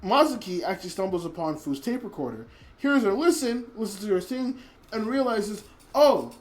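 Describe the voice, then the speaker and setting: An animated, brisk speaker of medium pitch reviews anime casually, rambling with plenty of filler words and offhand swearing. Deeply invested, they keep trailing off and restarting.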